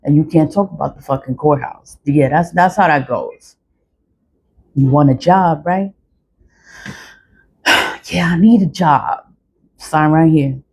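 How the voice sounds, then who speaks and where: Defiant woman vlogger, slightly low voice, blunt and profane, loops her phrases. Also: slow, long pauses, a little mellow, husky. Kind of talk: ranting monologue to camera.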